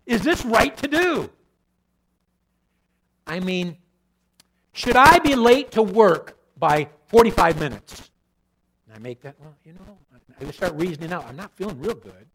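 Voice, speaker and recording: A man preaching a sermon, swinging between loud emphatic repetition and low quiet asides. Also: a little hiss or hum, low-quality recording.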